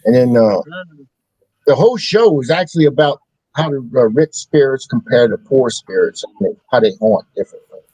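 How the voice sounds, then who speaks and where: A man's voice: mid-range voice, animated, moderate pace, mellow, breathy edge, no room sound, low-quality recording. A man from South Louisiana with a Cajun accent, co-hosting a casual podcast chat with crude jokes. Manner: crude, joking. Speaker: podcast co-host.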